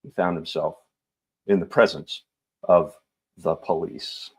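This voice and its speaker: A middle-aged man reading a novel aloud on his show in an unhurried, lightly theatrical way. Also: low voice, fairly even intonation, husky.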